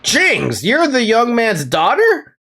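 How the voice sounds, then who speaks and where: A woman voicing a gruff older male prison governor in a game playthrough. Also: a little high, wildly swooping pitch, slow, fairly bright tone, pitched above the performer's own voice, full character voice.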